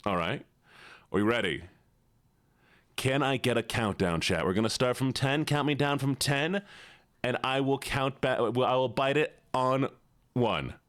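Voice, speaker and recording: In this casual livestream chat, a man greets his viewers one by one in a playful, chatty, joking way. His voice sits at a medium pitch with a fairly bright tone.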